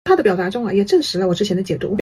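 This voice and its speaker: A woman giving analytical commentary in a brisk, knowing, critical way. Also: medium pitch, sing-song, dark tone, breathy edge. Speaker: online commentator.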